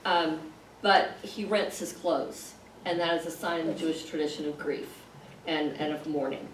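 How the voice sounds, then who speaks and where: Woman teaching a Bible class from across a roomy space. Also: low voice. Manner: conversational, explaining with pauses and fillers. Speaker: Sunday school teacher. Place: classroom with a group. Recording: roomy, distant mic, faint noise.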